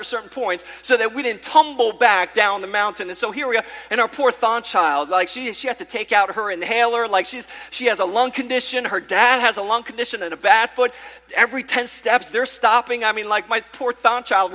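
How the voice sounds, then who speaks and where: A man preaching a sermon to his church, telling a story in an animated way with many fillers and restarts. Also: sits high. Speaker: pastor. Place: church sanctuary. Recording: reverberant church hall.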